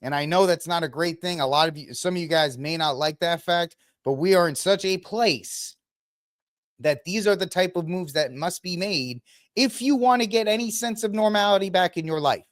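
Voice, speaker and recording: A man's voice: high voice, moderate pace. A man hosting his own political commentary show, ranting in a heated, indignant way and piling up accusations. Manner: fiery, indignant ranting with repeated blame.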